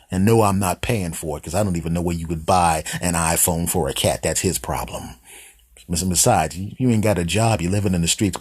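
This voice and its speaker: A man in his fifties hosting, telling an absurd comic story with deadpan, rambling asides. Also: deep voice, husky, dry recording, studio quality. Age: 50s. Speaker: comedian host.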